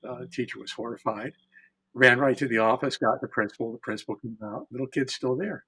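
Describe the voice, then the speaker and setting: Man, husky voice, mid pitch, relaxed storytelling, halting with fillers, chuckling. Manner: unhurried, halting with frequent "uh" fillers, chuckles through the telling; warm anecdotal tone, builds to punchlines. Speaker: storyteller and panelist. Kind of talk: personal storytelling on a discussion panel.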